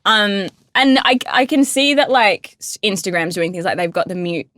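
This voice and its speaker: A woman's voice: medium pitch, expressive, normal speed, fairly bright tone, no room sound. A woman guest on a podcast, a radio presenter, chatting casually, agreeable and thoughtful, laughing easily. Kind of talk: casual chat.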